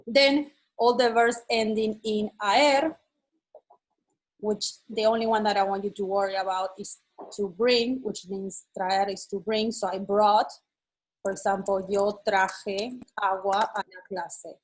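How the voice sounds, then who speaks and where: A woman teaches a lesson online. Her voice is slightly husky and sits at a middle pitch. She explains patiently and keeps checking that her student follows. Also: fairly even intonation, unhurried, poor audio. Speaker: Spanish teacher.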